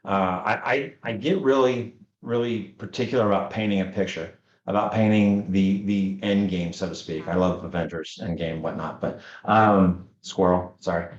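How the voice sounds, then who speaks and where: A man's voice: low-pitched, fairly even intonation, normal speed. A man, a scrum master with a young child, talking in a loose, rambling, self-interrupting way in a casual chat. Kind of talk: casual conversation. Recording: echoey room, dull lo-fi sound.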